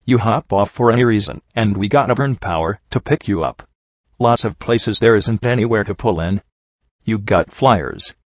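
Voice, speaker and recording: A man's voice: on the low side, lively intonation, moderate pace, dry recording. A man voicing a tough, bossy female pony riverboat captain who bluntly lays down the rules, on a dull, dry recording. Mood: stern.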